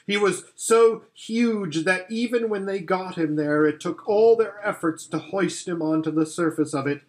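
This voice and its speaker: A man reading a children's novel aloud as story narration, in a slow, deliberate manner. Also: on the high side. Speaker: audiobook reader.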